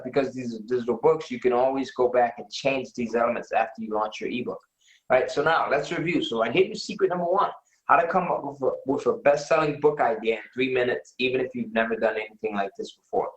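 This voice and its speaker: Excited guy pitching on a webinar, keeps saying "right?", echoey room. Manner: enthusiastic, repeats "right?" often. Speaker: webinar host. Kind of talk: live webinar sales pitch.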